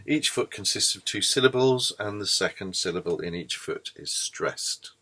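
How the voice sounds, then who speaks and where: Deep-voiced man lecturing, full of ums. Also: lively intonation, normal speed, sharp tone. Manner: hesitant, many ums and restarts; thoughtful, explanatory. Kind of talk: screencast lecture on poetry.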